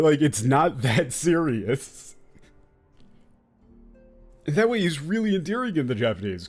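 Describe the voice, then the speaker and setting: Animated, swearing male game streamer. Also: a little high. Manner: animated, profane, rambling with many fillers. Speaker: gaming streamer. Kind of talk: casual commentary while playing.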